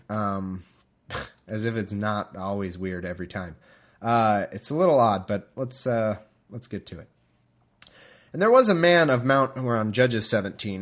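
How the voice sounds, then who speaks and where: A man hosting a podcast, reading scripture aloud and breaking off into chatty, bemused commentary, laughing often. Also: medium pitch. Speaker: podcast host.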